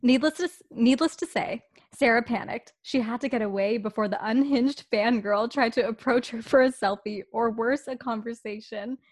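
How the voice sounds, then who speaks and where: A woman's voice: a little high, normal speed, hardly any pauses. Playful woman reading fan fiction aloud. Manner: playful, laughs often, acts out the dialogue. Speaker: podcast co-host.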